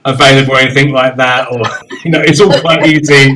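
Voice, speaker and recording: Male host, playful and quick, mid pitch, faint background noise. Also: fairly even intonation, bright, forceful tone, poor audio. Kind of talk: casual chat.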